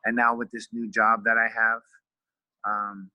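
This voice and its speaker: A man's voice: fairly low pitch, completely flat delivery, a little slow, dry recording, dull audio. A middle-aged man from California, a retired fighter and wrestling coach, earnestly telling a family story in a casual interview, full of fillers and repeated words.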